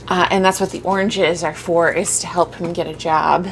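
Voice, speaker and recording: A woman's voice: lowish voice, steady tone, slight background noise. Rambling woman vlogger in her forties. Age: 40s. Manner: rambling, halting, full of fillers. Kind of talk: casual chat to camera.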